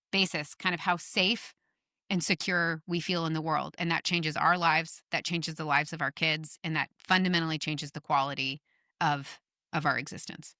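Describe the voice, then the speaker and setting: Brief: middle-aged woman, podcast guest, bright forceful tone, lower pitch, animated storyteller. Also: no room sound, studio quality. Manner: animated, emphatic storyteller, swears casually. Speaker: guest author. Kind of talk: podcast conversation.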